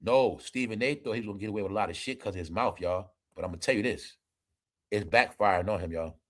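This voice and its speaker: A man's voice: lowish voice, quick pace, fairly bright tone. A man hosting an entertainment commentary show, ranting emphatically and profanely straight to his viewers. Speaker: commentary channel host.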